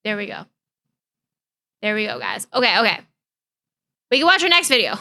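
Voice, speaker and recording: A woman's voice: medium pitch, sing-song, normal speed, pauses often, pushed and bright. A young woman streaming live, chatting casually in a bubbly, giggly, easily distracted way.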